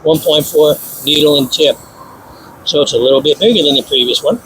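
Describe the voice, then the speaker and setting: A man in a paint workshop talking through a hands-on demo with a snarky, self-mocking edge. His voice sits a little high and jumps up further when he gets excited. A faint hum of shop noise runs underneath. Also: a little fast, poor audio. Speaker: paint instructor. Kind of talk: casual hands-on demonstration.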